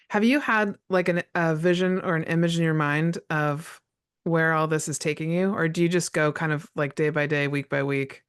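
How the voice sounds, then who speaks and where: A woman hosting a podcast, speaking calmly and encouragingly to her listeners and her guest. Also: low voice, moderate pace, clear, resonant tone, faint music behind. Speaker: podcast host. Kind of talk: interview and promo segment.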